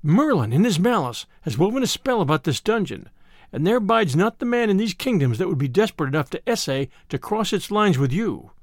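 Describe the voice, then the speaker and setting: A frightened young page boy, put on by a male narrator quakes through old-fashioned phrases in a raised, wavering voice. The pitch leaps about with fear, and the recording is close and dry. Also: very animated, brisk, no room sound, exaggerated voice. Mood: pleading. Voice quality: higher, trembling, archaic speech.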